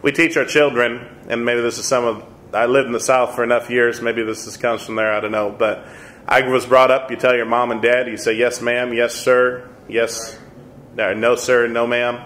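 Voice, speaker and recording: A man's voice: mid-range voice, level tone, fairly quick, fairly bright tone, slight background noise. A man in his thirties teaching an adult Sunday school class in a conversational, earnest way, repeating his points and chuckling at himself. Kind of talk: conversational Bible lesson. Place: church room. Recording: echoey church room.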